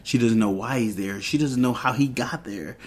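A man's voice: medium pitch, normal speed, husky. Casual man recapping a TV episode. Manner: retells scenes with quoted dialogue, loose and rambling. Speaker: podcast host.

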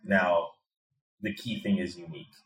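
A man's voice: low voice, fairly even intonation, a little slow, fairly bright tone, a little hiss or hum. A man from Chicago, an expat in Thailand, talking through his ideas thoughtfully as an interview guest and often repeating words while he builds a point. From Chicago, USA. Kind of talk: reflective conversational interview. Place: indoor room in Bangkok. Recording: echoey room.

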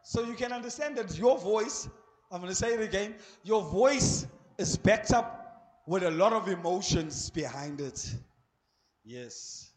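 A man with a South African accent preaching a sermon in church on a handheld mic, animated, acting out voices and laughing as he preaches. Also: high-pitched, normal speed. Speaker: pastor.

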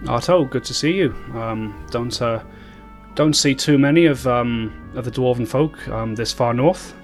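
A man's voice: medium pitch, a little slow, faint music behind, close to an everyday voice. Man doing fussy motherly caretaker Kashka. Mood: hospitable. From Britain. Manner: fussy, hospitable, stumbling over words. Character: bustling motherly woman caretaker of two boys.

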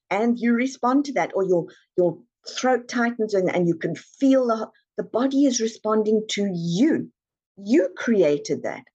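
A woman coach speaks earnestly in a podcast interview, acting out the voices people hear in their heads. Her tone is mellow and a little husky. The recording sounds slightly muffled and lo-fi. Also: medium pitch, lively intonation, unhurried. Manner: earnest, emphatic, acts out clients' inner voices. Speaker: executive coach.

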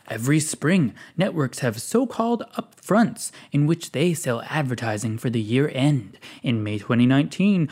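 A man's voice: fairly high pitch, vocal fry. Sarcastic man doing reaction commentary. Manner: sarcastic, scoffing, reads text aloud. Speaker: commentary video host.

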